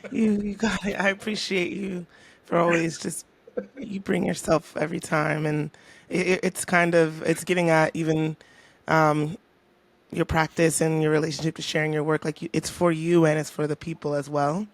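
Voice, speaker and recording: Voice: mid-range voice, little pitch movement, moderate pace, no room sound. Interviewer, ondersteunend en waarderend, droog opgenomen. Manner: warm affirmations, appreciative. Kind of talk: interview, supportive listening.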